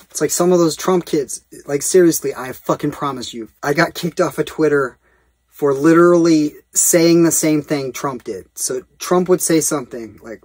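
A man's voice: fairly high pitch, normal speed, darkish tone, breathy edge, no room sound. A man in a casual vlog rant, rambling and profane, with lots of fillers. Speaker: vlogger.

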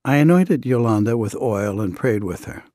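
A man narrating a devotional book in the first person, with a measured, earnest reading. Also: mid-range voice, lively intonation, warm tone, no room sound, clean studio sound. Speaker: audiobook narrator.

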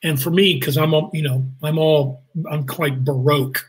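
Husky, animated male actor telling stories. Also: a little high, moderate pace, poor audio. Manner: animated, acts out quotes in voices. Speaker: guest actor and improviser. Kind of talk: anecdotal interview storytelling.

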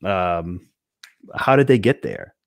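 A man's voice: deep voice, huge pitch swings, takes it slowly, creaky, dry recording, clean studio sound. A man co-hosting a toy podcast, telling stories in a rambling, hesitant casual chat.

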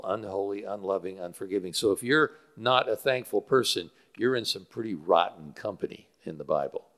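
A man's voice: lowish voice, a bit bright. Guy preaching in a church, teaches greek words with lots of um, echoey hall. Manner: explains Greek word roots, uses fillers. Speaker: pastor. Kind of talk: sermon. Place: church sanctuary. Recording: church hall with long reverb.

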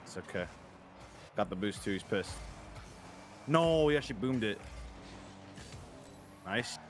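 A young man in casual gaming voice chat, making quick callouts with cocky trash talk and some swearing. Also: fairly low pitch, animated, slight background noise. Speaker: streamer playing a team match.

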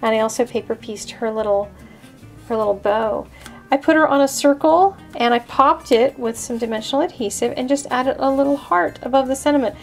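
A woman's voice: high voice, a little fast, soft background music. A woman hosting a casual card-making tutorial, explaining her steps in a chatty way.

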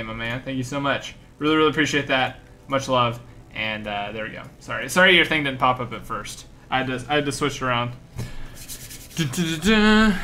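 Bright, excitable young male streamer. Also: medium pitch. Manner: energetic, exclaiming, repeats himself. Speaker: gaming streamer. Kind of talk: excited live gameplay commentary.

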